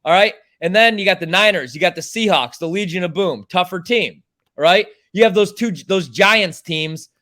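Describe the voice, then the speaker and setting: A man's voice: high voice, moderate pace, pushed and bright. A man co-hosting a casual sports-picks podcast, ranting in a heated way and swearing freely as he argues his picks. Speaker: podcast co-host.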